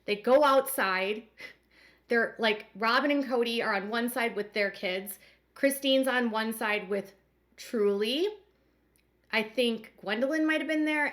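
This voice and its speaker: A woman talks through a reality-show recap in a loose, chatty manner, full of "like"s and speculation. Her voice sits a little high for a woman. She sounds conversational and unscripted. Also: a bit bright. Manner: chatty, speculative, many "like" fillers. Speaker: commentary host. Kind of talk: casual commentary recap.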